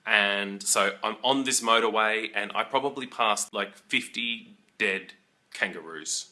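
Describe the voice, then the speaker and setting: A man with an Australian accent chatting casually to camera in a joking, animated way. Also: lowish voice, a little slow. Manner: chatty, joking, animated with playful mock voices. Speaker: vlogger.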